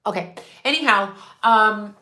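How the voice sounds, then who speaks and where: A woman in her fifties talks at an unhurried, drawn-out pace in a bright, forward voice. She rambles irreverently, swearing freely and laughing at her own asides. The sound bounces around an echoey room. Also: medium pitch. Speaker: host. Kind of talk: casual rambling monologue.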